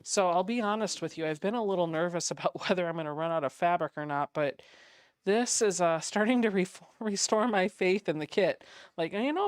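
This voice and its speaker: A woman's voice: medium pitch, expressive, fairly quick, clear, resonant tone, dry recording, clean studio sound. A woman sewing vlogger chatting and laughing at herself while she works on a quilt. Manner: chatty, laughing, self-mocking. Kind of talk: casual chat while sewing.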